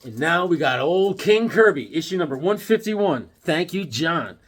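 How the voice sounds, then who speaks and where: A man showing off his comic book collection in a casual, jokey vlog, with sudden loud exclamations. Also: fairly high pitch, animated, measured pace, husky. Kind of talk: casual show-and-tell vlog.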